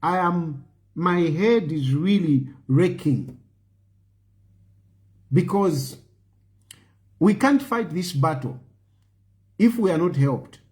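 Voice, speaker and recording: This Zambian-accented political commentator has a somewhat high, darkish voice with lively intonation, and he speaks slowly with frequent pauses. His appeal to the online audience is impassioned and pleading, with phrases repeated for emphasis.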